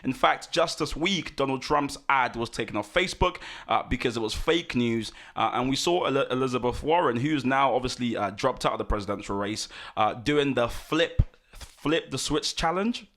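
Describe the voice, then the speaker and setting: A man hosting a podcast in casual chat, lively and talkative, jumping between loud excitement and quiet asides. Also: mid-range voice. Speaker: podcast host.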